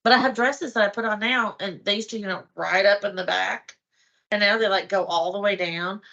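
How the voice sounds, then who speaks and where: A middle-aged woman with a bright, clear voice chats casually as a guest. She is a lively storyteller who acts out her own thoughts as she talks. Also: medium pitch, brisk, lo-fi sound. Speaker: host's wife, guest. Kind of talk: casual chat.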